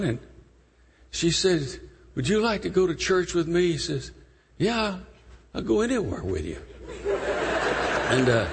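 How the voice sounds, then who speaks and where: A male preacher telling a story in a sermon, slowly drawing out his words and acting out the people he quotes. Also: a little high, husky. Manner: slow, drawn-out storytelling, acting out quoted voices. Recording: long reverb of a large hall.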